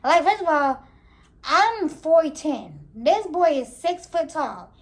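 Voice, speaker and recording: High-voiced young woman telling a story. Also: slow pace. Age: young adult. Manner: animated, laughing, slangy storytelling. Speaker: vlogger. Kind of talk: casual storytime.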